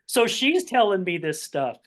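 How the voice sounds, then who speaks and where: High-pitched and unhurried, a podcast host from Utah, USA, spins a lively story in a conversational interview. He performs the quoted voices of the people involved and frequently drops in a "right?"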